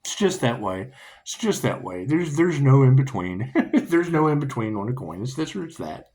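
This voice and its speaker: At a moderate pace, a man with a medium-pitched, slightly mellow voice and big pitch swings rambles through a spiritual tarot talk. He curses freely, laughs, and hums small tunes between his thoughts.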